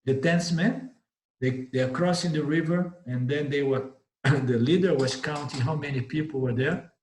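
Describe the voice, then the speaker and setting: A man's voice: fairly high pitch, moderate pace, a little mellow. A man with a Brazilian Portuguese accent gives a spiritual teaching talk, telling stories, repeating and rephrasing himself and acting out the voices of the people in them. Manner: storytelling, repeats and rephrases, acts out voices in the story. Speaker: Vedanta teacher. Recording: roomy echo.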